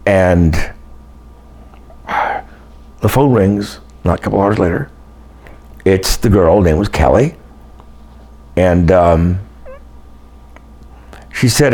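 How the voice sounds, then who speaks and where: Older male guest, lowish voice, lively storyteller who acts out quotes. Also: slow pace, pauses often. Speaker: guest telling personal stories. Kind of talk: casual storytelling.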